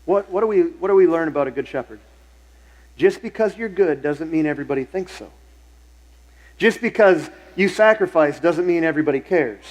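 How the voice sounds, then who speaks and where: Pastor, man, middle-aged, fairly high voice, conversational sermon with repeated phrases for emphasis. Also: animated, brisk, low-quality recording. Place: church sanctuary.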